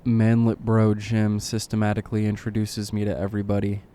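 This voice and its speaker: A man reading a horror story aloud in short clipped lines, keeping his voice low and subdued. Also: completely flat delivery, fairly quick, warm tone. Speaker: narrator.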